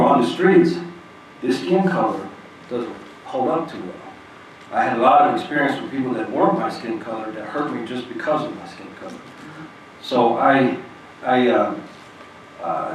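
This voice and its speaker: A man giving an earnest, plain-spoken personal talk to an audience from a stage, acting out the voices of people in his story. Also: mid-range voice. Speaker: nonprofit president giving a talk. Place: large hall stage before an audience. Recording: echoey hall, distant mic, faint hiss.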